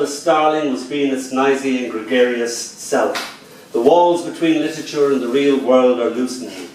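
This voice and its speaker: A man, a poet and event host, giving a lilting live poetry reading in a bar, with soft, hushed passages. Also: mid-range voice, far from the mic, a little hiss or hum. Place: bar venue. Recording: echoey room recorded from afar.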